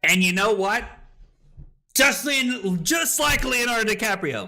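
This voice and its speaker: A man's voice: high voice, lively intonation, unhurried, creaky, pushed and bright, a little hiss or hum. A tipsy man streaming a card game, joking, laughing and swearing with his chat. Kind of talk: casual livestream chat over a card game. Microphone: streaming microphone.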